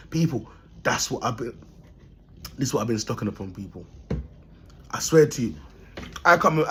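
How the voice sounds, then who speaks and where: A man's voice: medium pitch, breathy edge. A man talking streetwise to his viewers in a rambling, preachy monologue. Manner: preachy, streetwise, keeps addressing "people". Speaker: vlogger.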